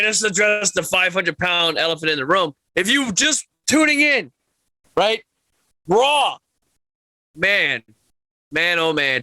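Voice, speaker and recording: A man hosting a casual wrestling podcast, loud and profane, yelling with excitement, his throat a bit sore. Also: high voice, no room sound. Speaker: podcast host.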